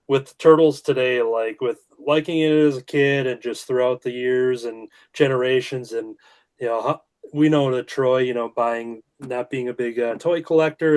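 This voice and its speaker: A man's voice: medium pitch, a little mellow. Male host, easygoing rambling delivery, average voice. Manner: rambling, many fillers and restarts. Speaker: podcast host. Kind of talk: casual chat.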